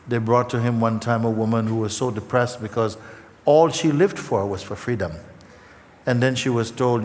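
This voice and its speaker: A man giving a live spiritual talk to a gathering, speaking in an unhurried, halting way with many fillers and repeats, earnest and tender. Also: mid-range voice, a little mellow. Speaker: spiritual teacher. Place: large meeting hall. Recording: long hall reverb, faint background noise.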